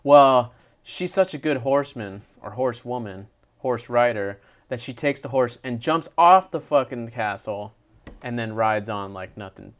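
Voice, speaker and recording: A man's voice: medium pitch, measured pace. Blunt, swearing male movie reviewer. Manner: blunt, swears a lot, animated. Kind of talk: casual chat.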